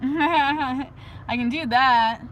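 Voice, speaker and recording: A young woman with a fairly high voice talks loosely to her livestream viewers, drifting from thought to thought and breaking into giggles and chanted words. Faint background noise sits under her voice. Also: drawn-out words, a bit bright, low-quality recording. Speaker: livestream host. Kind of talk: rambling casual livestream monologue.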